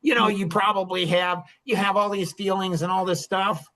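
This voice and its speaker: Emphatic man in his sixties, high voice. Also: steady tone, normal speed, sharp tone. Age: 60s. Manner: emphatic, rambling, repeats phrases. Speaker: podcast host. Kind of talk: casual monologue.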